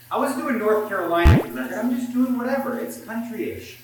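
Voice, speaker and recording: A man's voice: sits high, sing-song, fast, few pauses, slight background noise, poor audio. A man chatting casually to his viewers in an upbeat vlog while playing poker. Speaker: poker player and vlogger. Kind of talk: casual vlog chat to camera.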